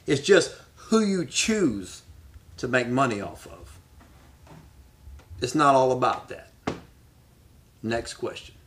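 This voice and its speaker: Wrestler guy answering interview questions, all fired up and determined, voice right in the middle. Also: medium pitch. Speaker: aspiring pro wrestler.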